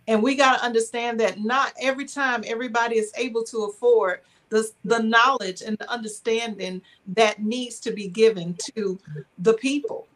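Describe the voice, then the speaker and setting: A woman organizing an event, giving an earnest, measured, sermon-like faith-based speech on a podcast. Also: a little high, a bit bright.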